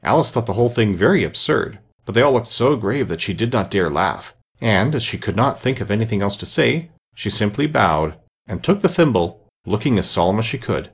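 Guy reading a kids' classic aloud, low husky voice, really animated. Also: brisk. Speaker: reader. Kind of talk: storybook narration.

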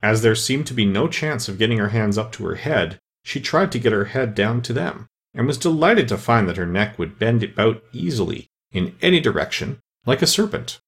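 A man narrating a storybook in a lively, expressive reading voice. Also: mid-range voice, moderate pace, few pauses.

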